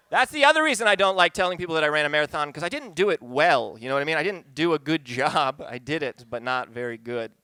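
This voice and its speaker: A man's voice: on the high side, sharp tone, clear, resonant tone, no echo. A man telling a personal story live on a pub stage, conversational and wry, turning earnest.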